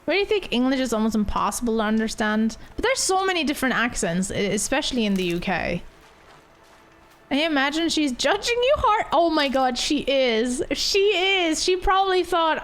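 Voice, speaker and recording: A woman streaming a video game, chatting casually and excitably with her viewers. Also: high-pitched, moderate pace. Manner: chatty, excitable, gasps and laughs. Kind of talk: casual let's-play commentary.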